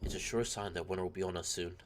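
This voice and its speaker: A man's voice: low-pitched, steady tone, fast talker, very noisy, voice pushed down, lightly acted. A man reading as a weary young soldier. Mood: somber. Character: war-weary young male soldier in a trench. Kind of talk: reading game narration aloud. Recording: game music underneath. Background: game music.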